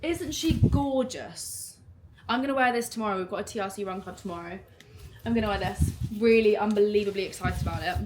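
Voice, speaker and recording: A young woman, chatting casually at home while unboxing a clothing haul in an excitable, gushing way. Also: medium pitch, fast talker, background noise. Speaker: vlogger.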